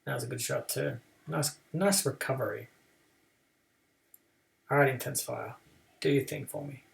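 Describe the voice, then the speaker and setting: A man talks casually through a live game stream, chatty and relaxed, ribbing his opponent in a playful way. His voice sits at an ordinary middle pitch and sounds a little distant from the microphone. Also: moderate pace, creaky. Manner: chatty, playful trash talk.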